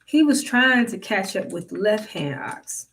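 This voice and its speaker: A narrator voicing a sly, calm old male farmhand who delivers bad news in a drawling, sheepish way, speaking slowly. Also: medium pitch, vocal fry, recorded from a distance, slight background noise, exaggerated voice. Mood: deadpan.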